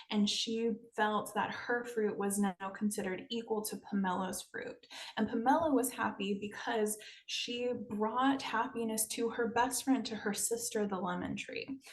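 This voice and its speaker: A woman hosting a podcast, telling a folktale in a relaxed, casual way with frequent hesitations. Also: mid-range voice. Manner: relaxed, hesitant, with many ums. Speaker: podcast host. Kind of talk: storytelling in casual chat.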